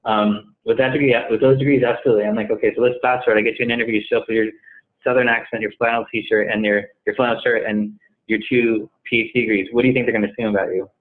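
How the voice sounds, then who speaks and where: Fast-talking man on a tinny line. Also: lowish voice. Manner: animated, acts out dialogue in retold conversations. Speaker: guest, staffing company head. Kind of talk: storytelling interview answer.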